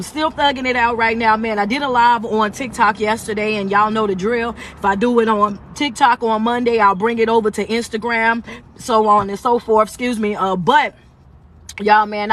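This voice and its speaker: A man, a life coach, giving a live-streamed motivational talk in a preachy call-and-response manner, coaxing viewers and building to near-shouting emphasis. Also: high-pitched. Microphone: phone livestream.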